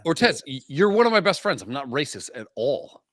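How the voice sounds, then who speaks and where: Cracking provocative, profane jokes, a man co-hosts a podcast full of crude casual banter with rapidly shifting emphasis. He speaks on the high side, very animated, with a fairly bright tone, and the studio-quality audio has no echo.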